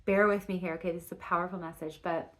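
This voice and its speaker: A woman's voice: on the low side, fairly even intonation, quick pace. A woman giving a casual spoken tarot reading, rambling and restarting her sentences, with frequent fillers and casual swearing. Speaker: tarot reader.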